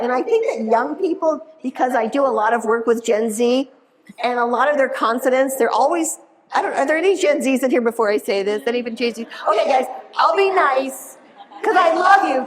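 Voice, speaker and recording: A middle-aged woman giving an energetic, animated motivational keynote to a live audience, often asking the room questions. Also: high voice. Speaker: keynote speaker.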